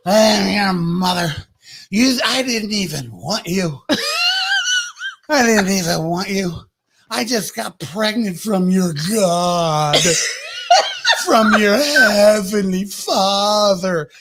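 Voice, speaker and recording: A man's voice: sits high, expressive, slow pace, pauses often, heavy background noise, exaggerated voice. A man voicing a tipsy, belligerent middle-aged mother who slurs and guilt-trips. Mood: drunk, accusing. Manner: slurring, needy, guilt-tripping.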